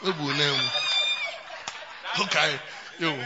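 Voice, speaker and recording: A man preaching a sermon as a pastor, mixing English and Twi and swinging from soft asides to shouts. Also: fairly high pitch. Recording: dull sound in a reverberant hall.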